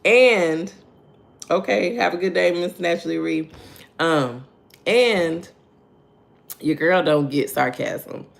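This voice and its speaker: A woman's voice: fairly low pitch, slow pace, vocal fry, pauses often. A woman hosting a casual devotional livestream. She laughs often, repeats her points, greets viewers by name and keeps asking "right?" and "okay?". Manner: asks "right?" and "okay?" to draw listeners in. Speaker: host of a morning devotional livestream.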